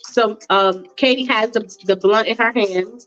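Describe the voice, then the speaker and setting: A woman's voice: fairly high pitch, unhurried, fairly bright tone, lo-fi sound. A woman casually narrating a fan-fiction story in a chatty, slangy, playful way.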